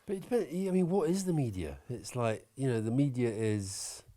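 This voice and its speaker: A man talking as an interview guest, opinionated and animated, swearing now and then. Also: mid-range voice, moderate pace. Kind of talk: conversational interview.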